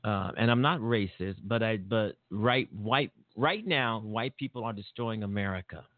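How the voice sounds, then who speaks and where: A man's voice: fairly low pitch, normal speed, dry recording. Blunt rambling man on a tinny line. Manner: blunt, repetitive, rambling with many fillers. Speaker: talk show host. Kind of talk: political commentary monologue.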